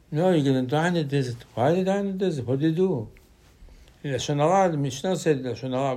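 A man's voice: fairly high pitch, animated, fast, a little mellow, breathy edge. A man giving an informal Torah lecture, arguing through rhetorical questions with his voice rising sharply.

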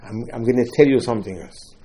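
A man leads a Torah class as a storyteller, with a mellow, darker tone. He sprinkles Hebrew terms through his English and swings from loud, emphatic bursts to low, quiet asides. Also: fast talker. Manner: animated storytelling, swings between loud and soft. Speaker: religious teacher.

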